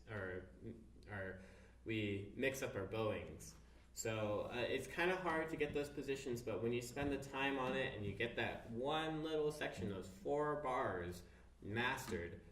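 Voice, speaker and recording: A man's voice: mid-range voice, fairly bright tone. Man teaching cello, counting beats aloud. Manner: counts beats aloud, patient step-by-step instruction. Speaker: music teacher. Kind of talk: instrument tutorial. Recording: roomy, distant mic with cello playing.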